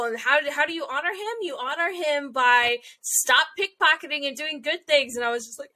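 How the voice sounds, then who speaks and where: A young woman with a high, sharp voice chats casually at a normal speed, recapping episodes of an anime. She fills her talk with lots of fillers and acts out quotes from the show.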